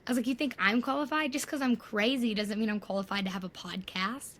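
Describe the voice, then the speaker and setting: A woman's voice: a little high, fast talker, fairly bright tone. A woman, co-hosting a podcast over a video call, telling stories and mimicking the people in them. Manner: storytelling, mimics others' voices. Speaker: podcast co-host. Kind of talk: casual chat.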